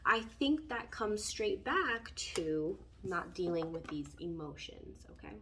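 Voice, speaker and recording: A woman's voice: fairly low pitch, sing-song, takes it slowly, few pauses, bright, forceful tone, a little hiss or hum. Rambling woman reading tarot, distant mic. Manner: rambling, filler-heavy, conversational. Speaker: tarot reader.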